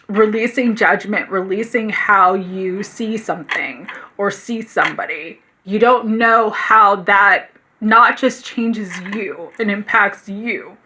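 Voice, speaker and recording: A woman speaks with a bright, clear voice in an emotional spiritual talk, close to tears. She is earnest and encouraging, with warmth in how she reaches out to her listeners. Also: medium pitch. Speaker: spiritual teacher. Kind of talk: heartfelt spiritual talk to camera.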